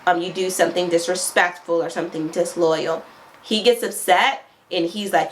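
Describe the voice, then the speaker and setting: A woman's voice: fairly even intonation, moderate pace, rough recording. Woman coach with a faint noise behind. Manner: direct, repeats phrases and asks "right?"; acts out quoted voices with raised pitch. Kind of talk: instructional talk to viewers.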